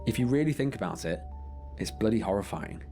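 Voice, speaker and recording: A man's voice: fairly low pitch, animated, brisk, gravelly, dark tone, faint music behind. Man narrating a grim scripted story. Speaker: documentary narrator.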